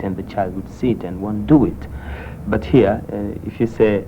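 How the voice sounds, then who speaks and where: Kenyan man, low voice, hesitant storyteller; dull 1970s broadcast sound. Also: moderate pace, a little hiss or hum. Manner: hesitant, many restarts and fillers. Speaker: interviewee. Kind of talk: casual storytelling. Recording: muffled 1970s radio recording.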